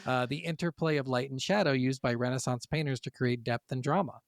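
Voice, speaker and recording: A man's voice: medium pitch, steady tone, brisk, creaky, no room sound, studio quality. A man co-hosting a gaming podcast, reading from notes, then riffing casually with swearing and stumbling over foreign names. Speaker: podcast co-host.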